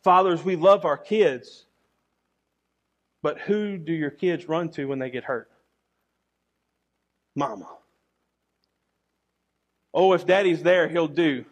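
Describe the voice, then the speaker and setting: Male pastor, young adult, high-voiced, earnest preacher who repeats himself. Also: slow, pauses often, highs cut off. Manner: earnest preaching with repeated words and rhetorical questions. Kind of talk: sermon.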